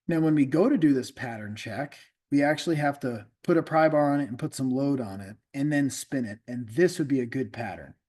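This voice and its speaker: A man's voice: mid-range voice, darkish tone. A middle-aged man, an automotive instructor, lecturing a class in a casual, conversational way, often repeating himself and checking in with the students.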